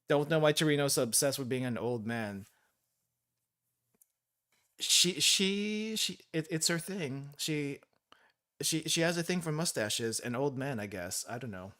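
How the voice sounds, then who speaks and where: A man's voice: on the high side, animated, slow, long pauses, sharp tone. A young man giving casual gameplay commentary, rambling and correcting himself as he plays. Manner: rambling, self-correcting, laughs often. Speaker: gaming streamer. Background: game music.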